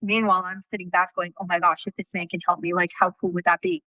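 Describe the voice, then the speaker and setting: A woman guest in an interview, telling a personal story in an animated way and acting out what people said, with casual swearing. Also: on the low side, fast talker, no echo, phone-quality sound.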